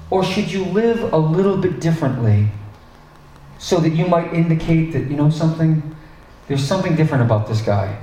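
A male pastor preaching a sermon in a conversational, animated way, with asides and restarts. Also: on the high side. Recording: echoey hall, distant mic.

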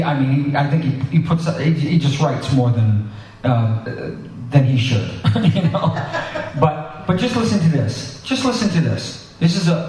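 Preacher booming in an echoey hall. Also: male voice, dark tone, distant mic. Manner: conversational, with asides to the congregation. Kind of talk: sermon with scripture reading. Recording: echoey hall, voice picked up from afar.

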